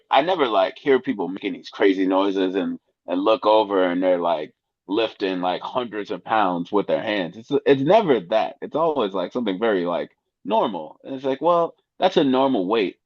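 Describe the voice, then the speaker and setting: A man co-hosting a casual podcast, his voice low and slightly nasal. His pitch swings widely as he rambles, laughs and drops into joking mock voices. The sound is dry and a little dull, close to the mic. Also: no room sound. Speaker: podcast co-host.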